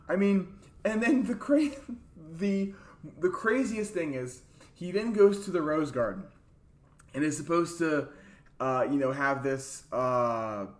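A young man co-hosts a casual political chat in a slightly high voice. He talks in a loose, chatty way, laughs easily and slips into mocking asides. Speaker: podcast co-host.

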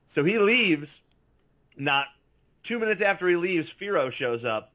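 A man's voice: a little high, expressive, a little fast, a bit bright. A man co-hosting a casual podcast, telling rambling anecdotes full of filler words. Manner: rambling storyteller, lots of filler "like". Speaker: podcast co-host.

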